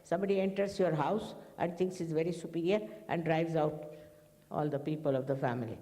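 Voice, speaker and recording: A woman's voice: deep voice, steady tone, brisk, warm tone. A woman spiritual teacher giving a rambling, anecdotal talk to her followers, acting out bits of dialogue. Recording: long echo of a large hall.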